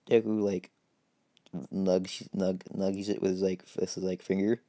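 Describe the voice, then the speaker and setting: A man's voice: low voice, flat delivery, moderate pace, dark tone, no echo. A man improvising a game story as narration, rambling and hesitant with many fillers.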